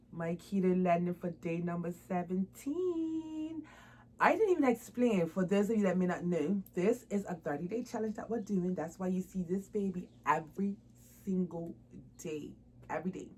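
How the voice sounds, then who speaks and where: A woman's voice: lowish voice, animated, moderate pace, darkish tone, breathy edge, rough recording. A woman chatting casually to camera about her doll hobby, informal and laughing often. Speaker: doll collector vlogger.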